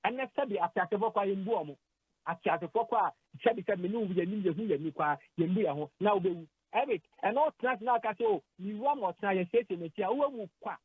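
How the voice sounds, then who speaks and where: Husky Ghanaian man on sports radio. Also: high-pitched, brisk, no room sound, phone-quality sound. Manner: hesitant, repeats words, mixes Twi and English. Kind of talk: emotional radio sports discussion. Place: radio studio.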